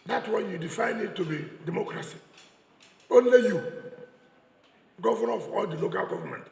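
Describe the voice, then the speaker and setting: A man's voice: high-pitched, normal speed, vocal fry, a little mellow. A man with a Nigerian English accent giving a combative political speech, mocking his opponents and repeating lines for emphasis. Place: large church hall. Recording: echoey church hall, long reverb.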